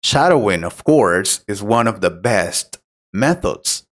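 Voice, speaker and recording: A man acting as an English teacher who explains pronunciation tips patiently and clearly in a scripted conversation lesson. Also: lowish voice, lively intonation, slow pace.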